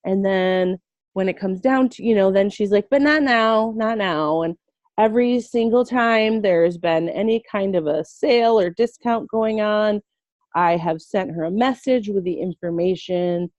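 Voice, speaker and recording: A woman's voice: medium pitch, a little slow, darkish tone, no room sound. A woman in her thirties who sells essential oils, telling a story in casual chat on a video call, animatedly quoting herself and her friend. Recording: dull lo-fi video call audio.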